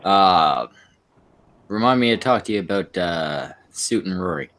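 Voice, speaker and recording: A man's voice: sits low, animated, measured pace, a bit bright. A man co-hosting a stream, bantering crudely and rambling with lots of fillers. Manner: rambling, many fillers and restarts. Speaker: stream co-host.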